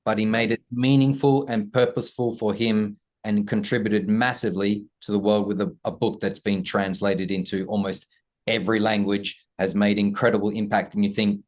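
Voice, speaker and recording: Earnest low-voiced man, reflective. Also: level tone, moderate pace, darkish tone. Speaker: guest, self-worth coach. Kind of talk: conversational interview.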